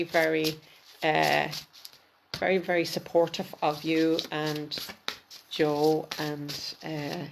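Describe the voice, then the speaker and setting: A woman's voice: sits low, gravelly, noisy background. A woman, a spiritual mentor, giving intuitive card readings on a live stream and speaking fondly to each viewer by name. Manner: warm, affectionate, speaks directly to viewers by name. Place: home, at a table with cards.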